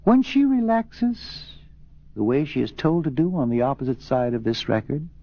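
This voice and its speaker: A man giving measured, emphatic instruction on medical relaxation, slowing on key words. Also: on the high side, very animated. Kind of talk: instructional record narration. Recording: dull lo-fi old record.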